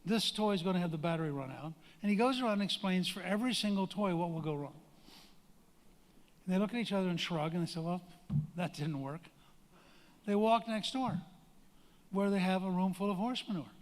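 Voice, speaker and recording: A man's voice: high-pitched, a little fast, long pauses. An older man giving a speech to an audience and telling a story in a folksy, emphatic way. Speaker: guest speaker. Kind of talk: public speech with anecdote. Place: large hall. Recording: reverberant hall.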